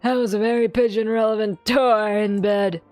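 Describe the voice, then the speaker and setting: A woman voicing a gravelly old man in game dialogue on a stream, grumbling dry asides. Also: a little high, fairly even intonation, moderate pace, a little mellow, soft background music, pitched below the performer's own voice, natural voice. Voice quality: graspy, gravelly put-on voice.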